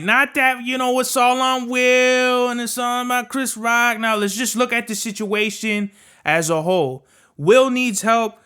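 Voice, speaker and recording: A man's voice: high-pitched, pushed and bright. A young man hosting a podcast, ranting in a casual, profane, emphatic way and tacking "bruh" onto nearly every sentence. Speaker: podcast host. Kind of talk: casual opinion rant.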